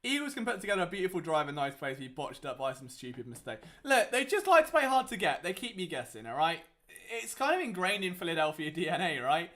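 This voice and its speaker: A young man hosting a live watchalong, commenting on the game with exasperated, sarcastic asides that swing from loud outbursts to muttering. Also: fairly high pitch, sing-song, fast talker. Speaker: sports watchalong host.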